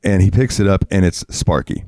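A man's voice: low voice, fairly quick, dark tone, dry recording, studio quality. A man co-hosting a podcast, telling a heated, profane story in casual chat and acting out what people said. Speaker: podcast co-host.

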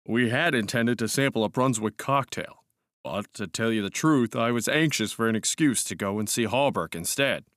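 A man's voice: medium pitch, moderate pace, a bit bright, dry recording, studio quality, natural voice. A man voicing a brash, breezy young male cavalry officer who speaks in a hearty, impatient way.

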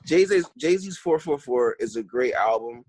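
A man's voice: mid-range voice, a little slow, slightly rough, no room sound, poor audio. A young man from New York, raised in Philadelphia, chatting casually and joking with opinionated takes. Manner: opinionated, joking, bursts of excitement. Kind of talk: casual chat.

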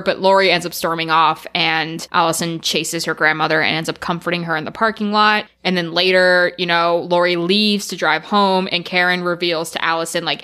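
A woman's voice: on the low side, brisk, hardly any pauses. A woman co-hosting a podcast, retelling movie scenes casually and often saying "like". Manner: casual, lots of "like", animated retelling. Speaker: podcast co-host.

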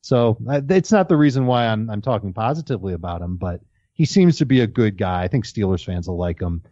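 A man talks through the picks on a casual podcast, eager and quick to restart his sentences. His voice is dark and mellow. The sound is dry and a bit dull. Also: fairly low pitch, expressive, dry recording. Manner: enthusiastic, restarts words often. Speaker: fantasy football podcast co-host. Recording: dull lo-fi audio.

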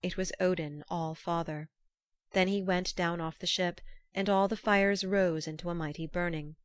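A woman reads an old myth aloud in a measured, formal storytelling way. Her voice sits on the low side. The recording is close and dry, with no room sound. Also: steady tone, no echo. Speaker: narrator.

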